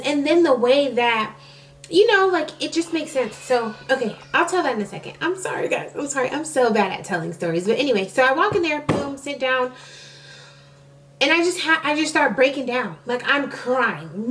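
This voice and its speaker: A woman's voice: sits high, slight background noise. A young woman, a nursing student and mom, telling a rambling story to camera, full of "like" and restarts. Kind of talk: casual storytime chat to camera. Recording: voice a bit far from the mic.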